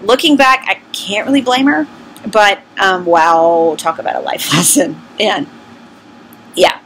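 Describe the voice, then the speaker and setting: A woman's voice: mid-range voice, unhurried, fairly bright tone, a little hiss or hum, poor audio. A middle-aged woman with a Southern US accent, candidly and self-deprecatingly telling personal stories to her vlog audience in a casual, conversational way. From American South. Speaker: vlogger.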